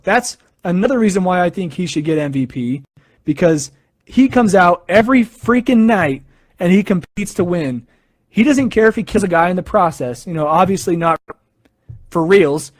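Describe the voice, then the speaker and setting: A man hosting a sports podcast, giving casual opinions in an excitable, animated storytelling manner. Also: high-pitched, dry recording.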